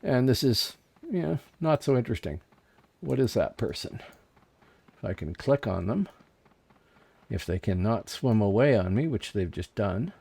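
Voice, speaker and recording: A man with a fairly low, creaky, slightly mellow voice and a breathy edge speaks at a moderate pace with lively intonation and long pauses. He's streaming an online game, chatting casually, musing aloud, and answering viewers in chat.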